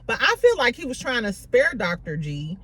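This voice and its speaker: A woman's voice: fairly high pitch, normal speed, husky. A woman recapping a reality show in a casual, gossipy way, swearing freely and laughing as she tells it. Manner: gossipy, profane, animated storytelling with laughs.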